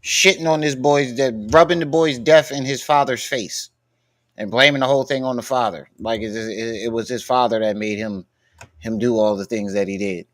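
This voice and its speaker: A male live-stream host reacts to clips with blunt, profane commentary in a casual style. His voice is mid-range, his tone steady and his pace normal.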